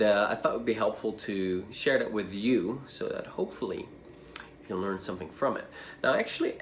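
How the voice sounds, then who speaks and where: A man of ordinary pitch talks to the camera as a social anxiety coach. His speech is loose and conversational, full of fillers and small tangents. A faint hiss of background noise sits under the voice. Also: fairly bright tone. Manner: rambling, conversational, with fillers and asides. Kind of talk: casual to-camera talk.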